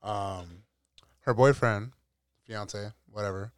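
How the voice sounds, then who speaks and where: A young man guesting on a podcast tells stories slowly in a lowish, clear, resonant voice, captured in a dry recording. He's an animated storyteller in casual chat, acting out the voices of his family members.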